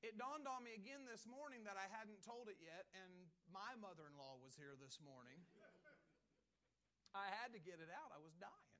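A middle-aged pastor with a voice pitched a little above the usual for a man. He talks in a relaxed, folksy way, full of ums and uhs, and grows louder as he moves into preaching. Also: poor audio. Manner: easygoing storyteller, many ums, louder and higher when preaching. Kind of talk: folksy evening sermon.

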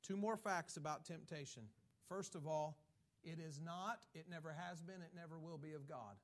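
A man's voice: on the high side, moderate pace. A man preaching a sermon with emphatic delivery, reading scripture and mimicking people's excuses. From has Irish ancestry. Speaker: pastor.

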